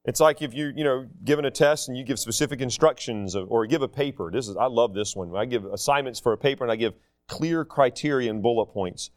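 A man's voice: mid-range voice, fast talker. A middle-aged man preaching a sermon in a conversational, self-deprecating way with humor.

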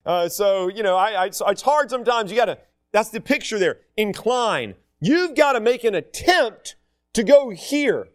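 A man's voice: high voice, animated, moderate pace. A middle-aged man preaching a sermon in a conversational, self-deprecating way with humor.

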